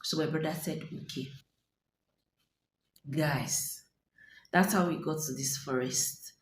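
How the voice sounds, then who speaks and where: A woman's voice: deep voice, slow. A young Nigerian woman vlogger dramatically retelling a story to her viewers, acting out voices and dropping to whispers. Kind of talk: storytelling to camera. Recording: echoey room, faint ambient noise.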